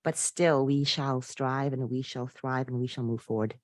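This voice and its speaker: A woman speaking as a podcast guest, telling stories with animated, inspirational energy. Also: extremely low pitch, moderate pace, no room sound. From Poland. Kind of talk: conversational interview.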